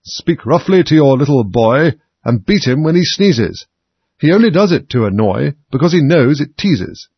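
A man voicing a haughty, bad-tempered noblewoman who talks shrill, impatient and loud. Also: sing-song, brisk, creaky, slightly rough, dry recording, lo-fi sound, full character voice. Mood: harsh singsong.

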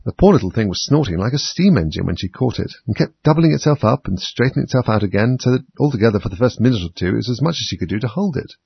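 A man reading a storybook aloud as narrator in a steady, measured way. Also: medium pitch, vocal fry, slightly rough, no room sound, lo-fi sound. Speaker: audiobook narrator.

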